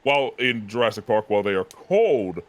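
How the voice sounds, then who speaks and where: A man talking as a guest in casual chat, animated, laughing easily and often correcting himself. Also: lowish voice, brisk.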